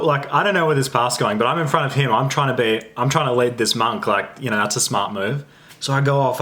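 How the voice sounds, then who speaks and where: Chatty Australian man telling a story. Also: medium pitch. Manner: animated, self-interrupting, chatty. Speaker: holistic lifestyle coach. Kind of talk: casual storytelling to camera.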